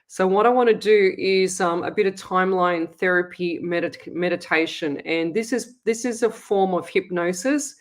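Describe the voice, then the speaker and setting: A middle-aged Australian woman hosting a live psychic stream, who chats in a rambling way and then leads a slow, soothing guided meditation. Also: fairly low pitch. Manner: slow, soothing, repetitive guidance; chatty, rambling self-explanation. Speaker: psychic medium host. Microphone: webcam on a live stream. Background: soft meditation music.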